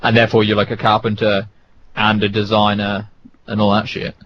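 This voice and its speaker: A man's voice: fairly low pitch, monotone, fairly quick. Male podcast co-host, easygoing and joking, dull lo-fi recording. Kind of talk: casual podcast chat. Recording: dull lo-fi sound with faint hiss.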